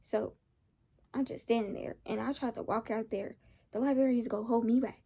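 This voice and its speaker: A woman's voice: a little high, moderate pace, gravelly, slightly rough. A young woman casually telling a storytime, rambling along with slang and lots of restarts. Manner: rambling, animated retelling with slang.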